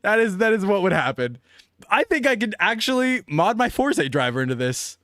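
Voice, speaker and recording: An excitable young man streaming live, talking casually and laughing often. His voice sits high and swings widely. The sound is close and dry. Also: moderate pace, no echo.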